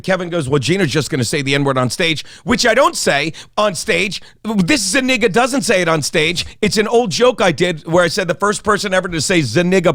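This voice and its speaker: Middle-aged man, from South Jersey, high voice, rambling profane storyteller, dry close sound. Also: a bit bright, dry recording. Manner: rambling, long-winded, profane, laughs while telling. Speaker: guest co-host, comedian. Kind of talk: casual storytelling chat.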